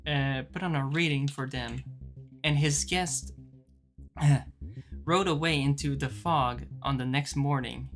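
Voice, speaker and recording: A streamer narrating a story game out loud, reading slowly and carefully with small slips. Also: mid-range voice. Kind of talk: narrating a visual novel on stream.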